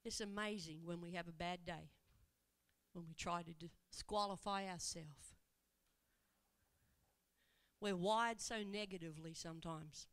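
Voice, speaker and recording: A woman evangelist preaching in a church, telling the story in an animated way and asking rhetorical questions. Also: on the low side, unhurried, pauses often. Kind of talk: sermon.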